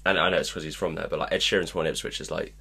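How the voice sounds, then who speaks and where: A man co-hosting a casual podcast chat, making joking deadpan asides. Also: rumbling low, rapid-fire, vocal fry, slightly rough. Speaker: podcast co-host.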